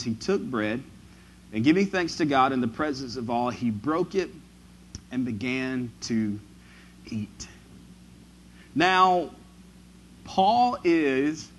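A man preaching a sermon, reading scripture and then riffing on it, his voice swinging from loud to hushed. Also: fairly high pitch, a little hiss or hum. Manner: animated, swinging from loud to hushed, asks the congregation questions; reads scripture aloud then riffs on it. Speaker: pastor.

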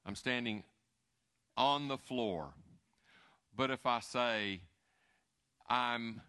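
A middle-aged man preaching a sermon in a conversational, animated way, with asides and restarts. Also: medium pitch, slow pace. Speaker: pastor.

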